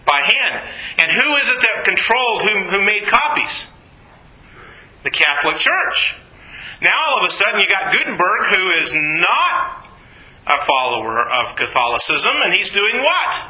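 A man's voice: high voice, big pitch swings, a little slow, sharp tone, reverberant, rough recording. A man teaching an informal Bible study to a class, asking questions and then answering them himself.

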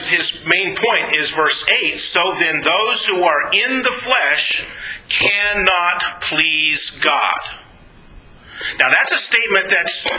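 A man teaching a Bible class, speaking haltingly with many repeated words and asking the group questions. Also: on the high side, pushed and bright, roomy sound, poor audio.

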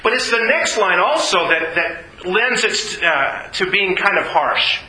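A man's voice: sits high, expressive, a little slow, bright, forceful tone. A man preaching a Bible teaching sermon, explaining things in a patient, teacherly way. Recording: roomy echoey room.

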